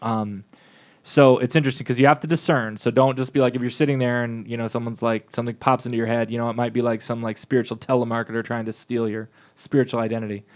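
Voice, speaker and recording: A man's voice: medium pitch, level tone, fast talker. A man co-hosting a parish podcast, chatting casually in a rambling way with many fillers and restarts. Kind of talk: casual chat.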